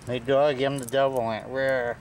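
A man's voice: mid-range voice, little pitch movement, moderate pace, natural voice. A man putting on a playful growling devil ant monster for a dog. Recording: distant outdoor recording with loud background noise.

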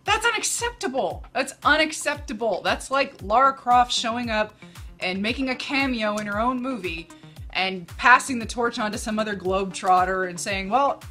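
A woman's voice: a little high, normal speed, bright, forceful tone, soft background music. A woman co-hosting a casual movie review, delivering blunt, sarcastic critique.

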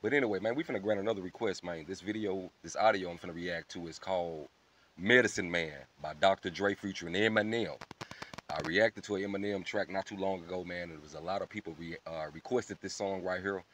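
A man hosting a reaction channel, chatting casually and directly to his viewers with slangy, profane, animated talk and frequent laughter. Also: sits low, fairly quick, a little hiss or hum. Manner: addresses viewers as family. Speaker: reaction video host.

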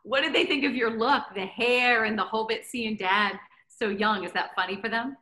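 A woman's voice: fairly high pitch, normal speed, pushed and bright. A woman interviewing a guest for an entertainment show, asking questions in a gushing, upbeat way.

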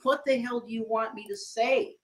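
A man's voice: very high-pitched, steady tone, moderate pace. A man on a live stream, defensive and swearing, calling his partner dude. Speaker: streamer, co-host.

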